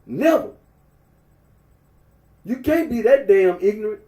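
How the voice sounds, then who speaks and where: A man's voice: very high voice, normal speed, dark tone. Male vlogger, emphatic rant with lots of repetition, recorded far off in a roomy, echoing space. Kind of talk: ranting monologue. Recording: echoey room, far from mic.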